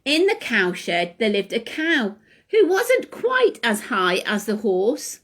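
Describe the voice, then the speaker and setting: A woman leading a children's session, reading a picture book aloud in an animated, sing-song way and asking the children questions. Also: on the high side, takes it slowly. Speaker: children's class leader. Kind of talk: reading a story to young children.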